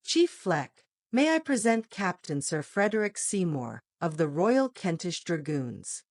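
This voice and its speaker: A woman reading the part of an excitable army colonel, speaking in a clipped, brisk manner. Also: on the low side, no room sound, clean studio sound. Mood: pleased.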